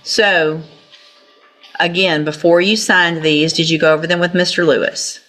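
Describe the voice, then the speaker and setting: A woman's voice: on the low side, steady tone, moderate pace, fairly bright tone, faint music behind. Stern woman judge. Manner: stern, commanding, scolding. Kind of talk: courtroom proceedings.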